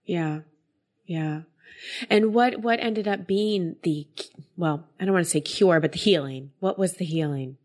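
A woman hosts an interview in a low-pitched voice. She is empathetic and expressive, and drops wry little asides as she relates to her guest. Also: a little slow. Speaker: interviewer, host. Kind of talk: interview conversation.

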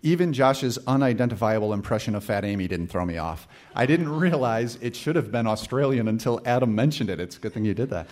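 A man's voice: mid-range voice, lively intonation, a little fast, hardly any pauses, a little mellow. Wry man reading listener emails. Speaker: podcast co-host. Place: live stage before an audience.

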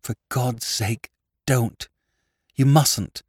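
A man's voice: medium pitch, extremely slow, husky, no echo, pitched above the performer's own voice. A man reading aloud voices an ardent young man who speaks urgently and with rising passion. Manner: urgent, pressing, growing impassioned.

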